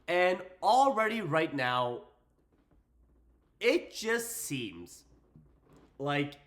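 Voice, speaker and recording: Animated young man, bright voice. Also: fairly high pitch. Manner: animated, slangy, puts on voices for quotes. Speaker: wrestling commentator. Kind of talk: casual wrestling recap.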